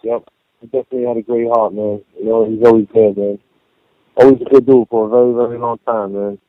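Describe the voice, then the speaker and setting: A man's voice: mid-range voice, flat delivery, quick pace, no room sound. A man telling rambling, profane stories over a phone call in a casual radio interview, peppering his talk with "you know". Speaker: guest recalling a late friend.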